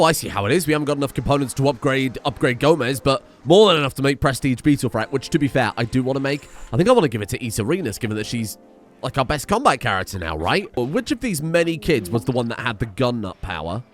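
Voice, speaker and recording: A man commenting on a strategy game he plays, excitable and swearing, with sudden yelled outbursts. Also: medium pitch, quick pace. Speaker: gaming streamer. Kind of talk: let's-play commentary.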